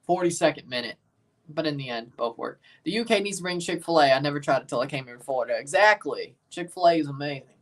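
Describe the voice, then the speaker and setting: A Mississippi man with a Southern accent talks fast and animated in a slightly high, fairly bright voice. As a livestream host during a casual watchalong, he chats and replies to comments from viewers.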